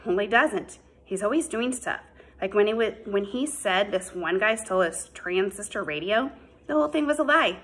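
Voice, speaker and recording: A woman voicing a quick-tempered teenage boy in an audiobook, heated and accusing. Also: mid-range voice, lively intonation, a bit bright, husky. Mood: defensive. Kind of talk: audiobook character voice.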